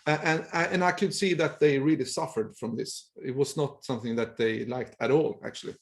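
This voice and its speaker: A man from Sweden, interviewing a guest in casual talk, often restarting his words. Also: medium pitch. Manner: halting, restarts mid-word. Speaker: interviewer, host. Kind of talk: casual conversation.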